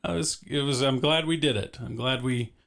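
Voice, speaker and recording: A man hosting a live stream, calm and easygoing, steering the conversation and reading the chat. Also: medium pitch, normal speed, creaky. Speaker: stream host.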